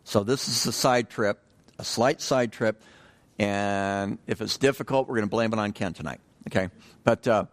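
A man's voice: fairly low pitch, moderate pace. A man leading an informal Bible study, talking in a loose, conversational way. He often repeats words, restarts his phrases and puts questions to the group. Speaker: Bible teacher.

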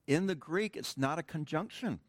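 Joking middle-aged pastor, dry close sound. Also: male voice, fairly high pitch, animated, moderate pace, no echo. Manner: casual, joking asides with the congregation. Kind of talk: sermon with a Greek grammar lesson. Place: church sanctuary.

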